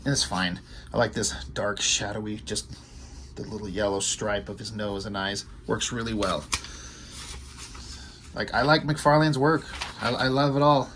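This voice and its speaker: A man's voice: lowish voice, unhurried, pauses often, fairly bright tone, slight background noise. A man casually talking through a comic book page by page, rambling and enthusiastic with offhand asides. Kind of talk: casual video commentary.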